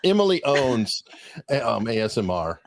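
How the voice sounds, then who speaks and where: A man hosting a live stream, teasing his guests and quick to laugh. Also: mid-range voice, sing-song, creaky, no room sound. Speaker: host. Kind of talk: casual live-stream chat.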